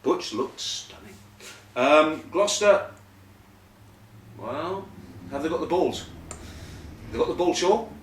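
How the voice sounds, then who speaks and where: A man's voice: a little high, lively intonation, slow, pauses often, distant mic, a little hiss or hum. Rambling man hosting comic rugby news. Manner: rambling, jokey asides. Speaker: host. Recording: echoey room, voice off-mic.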